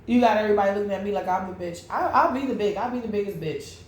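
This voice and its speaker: A woman's voice: medium pitch, rapid-fire, a little mellow. Woman doing a tarot reading, blunt and cussing, echoey room, bit of hiss. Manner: blunt, profane, sing-song asides. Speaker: tarot reader. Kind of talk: casual tarot reading monologue. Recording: echoey room with faint noise.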